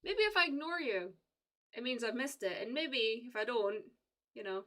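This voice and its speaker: A woman's voice: a little high, expressive, normal speed, pushed and bright. A young woman from the UK chatting casually with viewers on a live stream, rambling with lots of fillers and restarts.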